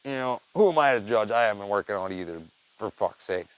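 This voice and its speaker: A young man chatting casually on his own, rambling and swearing, dropping to mumbles and then getting loud. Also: lowish voice, expressive, fast, clear, resonant tone, low-quality recording. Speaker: podcast host. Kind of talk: casual solo chat.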